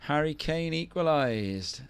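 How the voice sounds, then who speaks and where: A man's voice: a little high, animated, slow, clear, resonant tone. A man doing live commentary on a surf contest, chatty and teasing, with self-deprecating banter between the heats.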